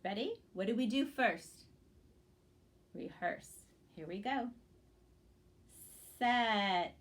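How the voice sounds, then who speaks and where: A woman's voice: fairly high pitch, expressive, slow. A woman teaching young children to blend word sounds in a reading lesson, speaking patiently and encouragingly and checking in often.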